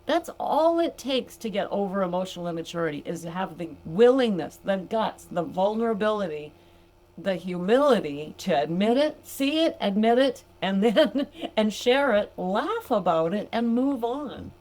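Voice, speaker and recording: A woman's voice: mid-range voice, expressive, moderate pace, a little mellow. An older woman, a grandmother, hosting a sobriety coaching podcast, chatting casually with her listeners, laughing often and calling them gals. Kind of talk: casual podcast monologue reading from a book.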